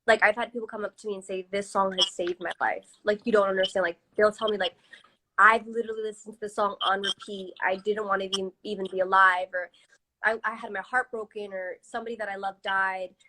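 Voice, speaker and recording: A woman's voice: mid-range voice, fairly even intonation, a little fast, sharp tone, a little hiss or hum, low-quality recording. A woman singer chatting casually in a live-stream interview on a phone, filling her talk with "like" and "you know". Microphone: phone on a live video stream.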